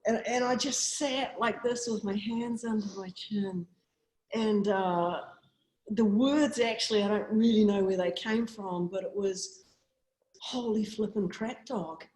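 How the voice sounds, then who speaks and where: This interview guest, a New Zealand-accented woman who swims marathons, speaks a little slowly with a darkish tone. She brings her stories to life by replaying her own past lines with big swings in pitch, and the low-quality audio is reverberant.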